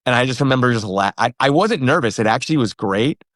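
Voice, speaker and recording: A comedian in his thirties telling a story in a casual interview, animated, acting out the other people in it. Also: medium pitch, quick pace, no echo, clean studio sound. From New York and Pennsylvania. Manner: animated, acts out quoted voices. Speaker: comedian guest.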